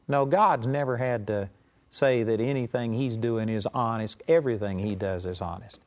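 A man delivers a sermon in a mid-pitched voice, leaning hard on key words with a slow, deliberate cadence. When he reads scripture he speeds through the old-fashioned phrasing, then drops back into plain conversational asides to his listeners. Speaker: preacher. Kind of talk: sermon teaching.

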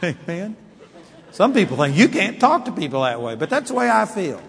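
Guy preaching hard, kinda high voice, big echoey hall. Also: big pitch swings, moderate pace. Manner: emphatic, storytelling, swings from quiet to loud. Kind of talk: sermon.

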